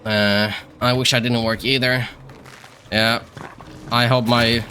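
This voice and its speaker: Male streamer, bright and tense voice, easygoing rambling play-by-play with jokes. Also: mid-range voice, flat delivery, slow pace, slight background noise. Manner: rambling, joking, talks to himself and other players. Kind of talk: casual live-stream gameplay commentary.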